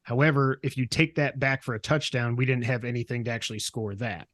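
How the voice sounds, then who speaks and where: A man's voice: mid-range voice, steady tone, fairly quick, fairly bright tone, no echo. A man co-hosting a gaming podcast, chatting casually with a playful, teasing and rambling manner. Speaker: podcast co-host. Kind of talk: casual chat.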